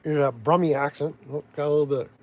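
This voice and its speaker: A fast-talking man with a Canadian accent and a slightly high, steady, darkish voice vlogs with meandering, sardonic casual remarks. He often starts over and trails off, losing track of his point.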